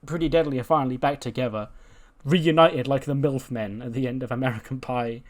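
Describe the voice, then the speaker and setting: A man's voice: medium pitch, fairly even intonation, brisk. A man telling the story of a wrestling game in a loose, casual way, rambling, laughing and swearing as he goes. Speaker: let's play host.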